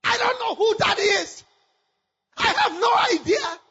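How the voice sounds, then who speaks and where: A man preaching voices a despairing young single mother who wails and shouts her pleas. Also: very high voice, lively intonation, unhurried, muffled recording, voice pushed up, exaggerated voice.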